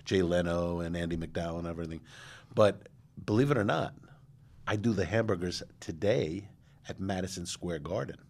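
An older man, his voice low and husky. He tells stories with lots of energy, in a relaxed interview, and keeps restarting his sentences and dropping "you know" as he goes. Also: moderate pace. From Manhattan, New York. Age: 60s. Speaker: guest, restaurateur. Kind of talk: casual interview storytelling.

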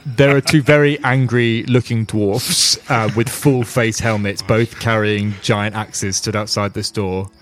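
A man narrating as game master. His manner is relaxed and descriptive, with occasional restarts. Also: on the low side, a little slow, hardly any pauses.

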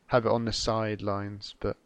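A man's voice: lowish voice, flat delivery, a crowd in the background. A man co-hosting a comedy podcast, teasing and laughing as he chats casually. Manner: giggly, teasing, drawn-out. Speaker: podcast co-host.

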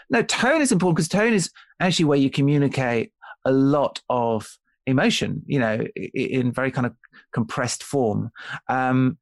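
A man's voice: medium pitch, expressive, fairly quick, no room sound. A man being interviewed as an author on a podcast, explaining ideas thoughtfully with frequent restarts and checking in with "right?". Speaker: author and guest.

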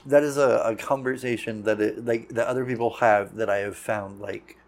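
A man's voice: lowish voice, steady tone, normal speed. A male podcast host chats loosely with his guest. He rambles, swears without a second thought, laughs often and stops to search for the right word. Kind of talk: casual interview chat.

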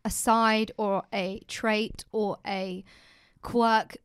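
A British woman co-hosting a podcast, chatting casually and reading a letter aloud in a gentle, reassuring way. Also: mid-range voice, little pitch movement, drawn-out words, clean tone, dry recording, studio quality. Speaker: podcast co-host.

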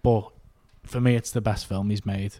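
A man's voice: on the low side, fairly even intonation, normal speed, warm tone. A man, co-hosting a casual film chat, enthusiastic and rambling. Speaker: film podcast co-host.

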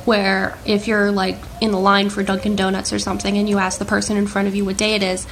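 A woman with a New England American accent leaving a chatty voice message, ending on a deadpan punchline. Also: medium pitch, fast, few pauses, slight background noise, rough recording. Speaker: listener sending a voice note. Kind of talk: casual voice message.

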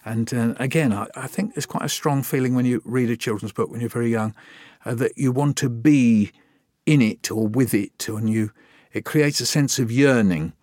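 A man's voice: mid-range voice, moderate pace, darkish tone, no echo, studio quality. An older man, a guest poet and children's author telling anecdotes in a conversational interview and acting out remembered dialogue. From Britain.

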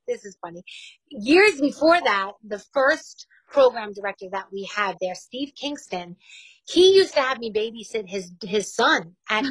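A woman with a New York accent, a longtime radio host, chats openly about her career. Her voice sits fairly high and sounds dry and close to the mic. She speaks frankly and laughs often. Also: fairly bright tone, husky, no room sound, low-quality recording. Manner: candid, chatty, laughs easily. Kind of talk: casual interview chat.

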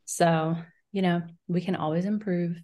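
A woman's voice: on the low side, fairly even intonation, measured pace, warm tone. A woman co-hosting a podcast in casual chat, telling stories with lots of "like" and acted-out quotes. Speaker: podcast co-host.

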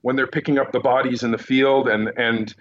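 Storytelling news correspondent, muffled line. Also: male voice, mid-range voice, a little hiss or hum. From Quebec Eastern Townships, Canada. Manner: animated anecdotes, quick asides. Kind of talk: casual podcast interview storytelling.

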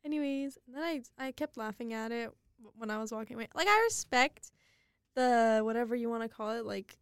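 With a fairly high, clear, resonant voice and a fairly quick pace, a young woman co-hosts a podcast in studio-quality sound with no room tone. She giggles a lot as she chats and tells animated stories.

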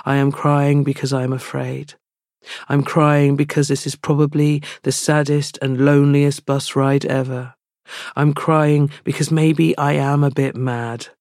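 A woman, a novelist reading her own prose slowly and then chatting with quick laughter. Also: rumbling low, darkish tone, no echo, studio quality. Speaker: novelist guest. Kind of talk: reading aloud and casual chat.

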